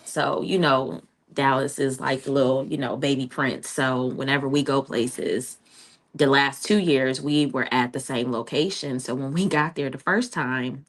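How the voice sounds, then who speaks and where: A middle-aged woman speaks in a low voice. She chats with her livestream audience in a casual, familiar way. She calls them "child" and "honey.". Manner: chatty, talks to viewers, says "child" and "honey". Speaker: livestream host.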